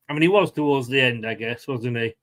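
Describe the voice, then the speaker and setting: A man's voice: medium pitch, fairly bright tone. A man hosting a casual live watchalong, commenting on play and chatting with viewers by name. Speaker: fan channel host.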